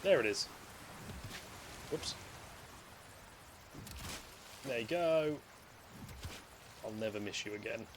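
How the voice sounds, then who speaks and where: A man's voice: on the low side, lively intonation, unhurried, noisy background. A man streaming gameplay, rambling and joking casually as he plays, swearing freely. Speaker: streamer playing a video game. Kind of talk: casual live gameplay commentary.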